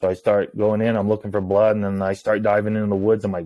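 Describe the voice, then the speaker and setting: A man, a hunting guide, telling a story in casual talk, acting out the lines of others in a hushed voice. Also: on the low side, quick pace, hardly any pauses, no room sound, lo-fi sound. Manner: animated, acts out quoted lines in a hushed voice.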